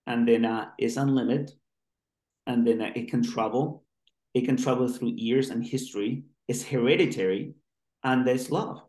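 A man's voice: medium pitch, normal speed, a little mellow. A male doctor being interviewed, who talks in an earnest, rambling way with many restarts. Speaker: guest doctor. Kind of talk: interview conversation. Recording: roomy echo.

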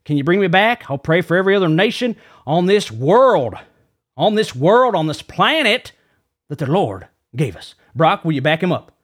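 A man puts on an overexcited reverend who leads a comedic prayer in a strikingly high voice. He tacks "Lord" onto every phrase and keeps fumbling his words as he rambles. He speaks close into a studio mic. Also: sing-song, normal speed, fairly bright tone, exaggerated voice. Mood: fervent. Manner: says "Lord" after nearly every phrase, trips over his words. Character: excitable rambling male reverend. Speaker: guest preacher character. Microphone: studio dynamic mic.

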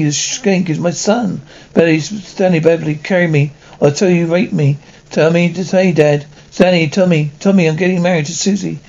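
Solo male performer, higher-pitched mellow voice, hops between many comic character voices. Dull lo-fi recording. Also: vocal fry. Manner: switches rapidly between character voices and sound effects. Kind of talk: one-man comic voice acting of many characters.

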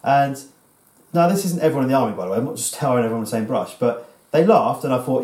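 Sweary English bloke telling a story. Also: male voice, mid-range voice, lively intonation, quick pace, a little mellow, echoey room. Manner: swearing, rambling storyteller with restarts. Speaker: podcast co-host. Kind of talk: casual podcast chat.

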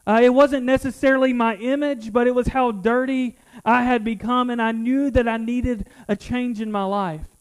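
High-voiced man preaching a sermon. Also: clear, resonant tone, rough recording. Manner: earnest, personal, repeats words as he restarts. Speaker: pastor.

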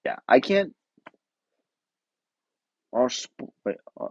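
A man's voice: slow pace, a little mellow, no room sound, dull audio. A man hosting his own podcast in a casual, rambling, self-deprecating way, often trailing off. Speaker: podcast host. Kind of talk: casual chat.

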